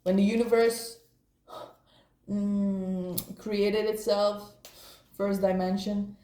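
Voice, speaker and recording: A woman's voice: mid-range voice, flat delivery, very slow, warm tone, roomy sound. A woman doing a casual, playful tarot card reading, rambling and laughing often.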